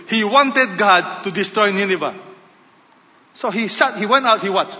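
A man preaching a sermon in short, emphatic phrases, rising loud and falling quiet. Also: high-pitched, moderate pace. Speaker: pastor. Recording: dull sound with long hall reverb.

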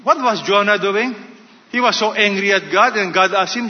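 A man preaching a sermon in short, emphatic phrases, rising loud and falling quiet. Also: sits high, fairly quick. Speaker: pastor. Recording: dull sound with long hall reverb.

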